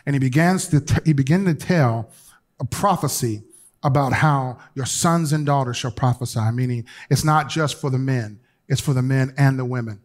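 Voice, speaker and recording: Speaking at normal speed in a mid-range voice, a man preaches as bishop to his flock. Stories and colloquial asides fill the sermon, which shifts between lively, loud passages and hushed, quiet exhortation.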